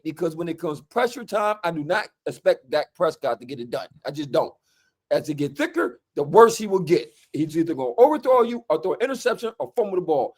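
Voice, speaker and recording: A man in a casual sports rant, animated and exasperated, tagging his points with "okay". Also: sits high. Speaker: football fan commentator.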